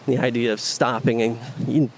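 Flat and unhurried, a mid-range male voice drifts through a rambling account of his walk to work, full of fillers and restarts. The phone app recording has a little hiss or hum, plus faint sounds from the city street.

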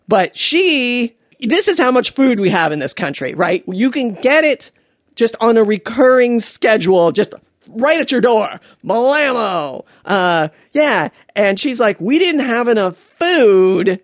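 A podcast host rambling through a comedic story with a lively, bouncing pitch. The delivery is digressive and jokey, full of fillers and side tangents, in a dry, close recording. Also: dry recording.

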